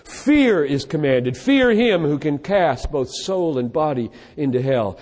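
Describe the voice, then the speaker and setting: A man's voice: on the high side, in a large hall. A man preaching a sermon with emphatic delivery, listing scripture verses one after another. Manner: emphatic, animated, cites scripture in rapid lists.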